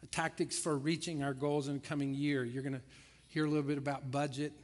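Male pastor, fairly high voice, conversational storyteller, sermon in a big reverberant church hall. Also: level tone, a little fast. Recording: long reverb of a large hall.

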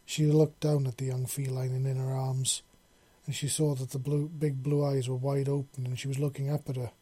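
A man narrating a story in a steady reading voice. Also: medium pitch, normal speed.

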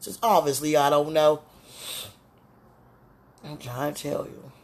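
A woman's voice: low voice, slow pace, darkish tone, a little hiss or hum. A woman podcaster talking in a casual, intimate monologue that rambles and often turns to prayer.

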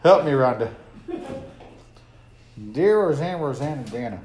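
A man's voice: medium pitch, expressive, takes it slowly, a little mellow. A man co-hosting a casual trivia drinking game, joking, swearing freely and laughing often. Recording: roomy room with faint noise.

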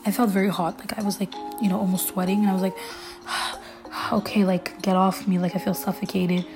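A woman telling a scary personal story in a casual, halting way, with many fillers and restarts. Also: mid-range voice, flat delivery. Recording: faint music underneath.

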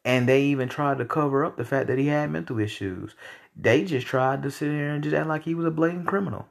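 A man's voice: fairly high pitch, brisk, creaky. A young man hosting a podcast, ranting bluntly and heatedly with lots of profanity. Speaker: podcast host. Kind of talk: casual rant.

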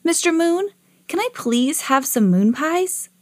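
A woman voicing an eager, hungry young boy adventurer in a storybook, pleading and excited. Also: sits high, a little slow, dry recording, clean studio sound, pitched above the performer's own voice.

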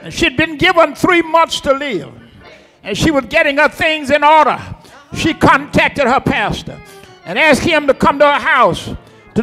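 A pastor preaching an impassioned Easter sermon, rising into shouts with a preacher's cadence. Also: male voice, very high voice, in a large hall.

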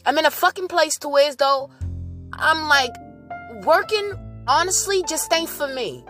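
A woman's voice: high voice, lively intonation, unhurried, a bit bright, soft background music. A woman ranting into a voice memo, swearing heavily and talking to herself about work and money. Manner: heavy swearing, agitated ranting. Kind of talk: profane rambling voice memo.

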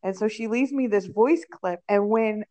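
A woman's voice: mid-range voice, warm tone. A young adult woman co-hosting a podcast in casual chat, giggling often as she talks. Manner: giggly, slow, laughs often. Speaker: podcast co-host.

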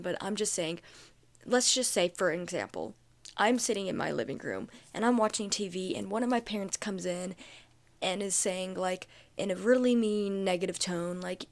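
A young adult woman hosting a casual solo podcast, chatty and full of fillers, repeating her points for emphasis. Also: medium pitch. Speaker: podcast host.

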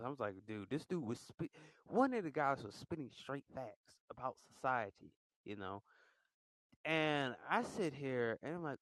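A man's voice: mid-range voice, unhurried, no echo, low-quality recording. A man hosting his own podcast, recapping it in a casual, rambling way with lots of repetition. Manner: repetitive, loose, animated storytelling. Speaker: podcast host.

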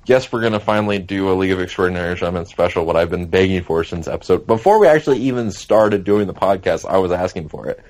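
A very deep-voiced man co-hosting a casual podcast. He grumbles and complains, stretching out words for emphasis. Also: expressive, fast talker, few pauses, darkish tone. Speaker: podcast co-host. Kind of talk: casual chat.

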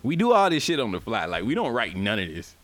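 A man's voice: on the low side, huge pitch swings, fast, no room sound. A man co-hosting an improvised comedy podcast, loose and profane, laughing often. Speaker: podcast co-host.

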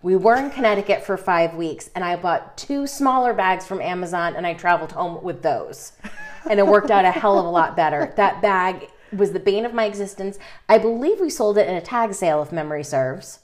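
A woman's voice: lowish voice, brisk, a little hiss or hum. Woman telling a comic story, swearing. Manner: animated, swears freely, laughs through the telling. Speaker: podcast co-host.

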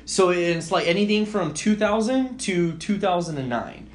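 A young man co-hosting a podcast, swearing freely and telling animated stories in casual chat. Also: sits high, normal speed. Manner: profane, animated storytelling. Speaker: podcast co-host.

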